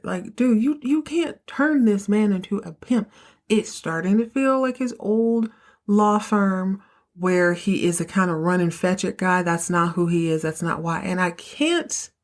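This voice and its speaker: A woman hosting a podcast, recapping a TV episode in a casual, animated, opinionated way with lots of slang. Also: medium pitch. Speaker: podcast host.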